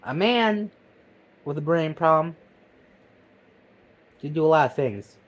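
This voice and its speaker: A man's voice: expressive, slow. Profane ranting man with a raised voice. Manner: profane, heated, swinging between loud outbursts and low mutters. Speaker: vlogger. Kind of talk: comedic ranting monologue.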